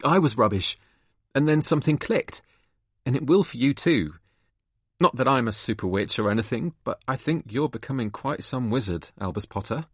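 A man voicing a friendly, confident teenage girl witch in an amateur play-script reading, encouraging and often quiet. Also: mid-range voice, expressive, moderate pace, pauses often, breathy edge, dry recording, studio quality. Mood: soft.

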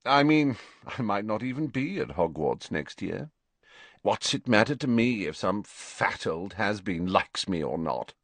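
A man's voice: lowish voice, very animated, unhurried, a bit bright, no room sound, heavily acted. Male reader doing a haughty, sneering schoolboy, drawling and lofty. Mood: scornful. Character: sneering spoiled teenage wizard boy.

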